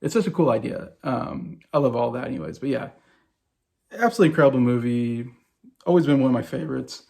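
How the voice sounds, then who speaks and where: A man's voice: mid-range voice, fast talker, gravelly, few pauses, warm tone. A man in his forties talking casually and enthusiastically about favorite movies, rambling with many fillers and restarts. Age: 40s. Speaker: movie vlogger.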